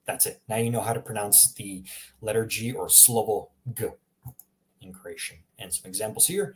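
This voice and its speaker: A man giving a casual language lesson, saying example words again and again in a relaxed way with small laughs. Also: lowish voice, moderate pace. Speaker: language teacher.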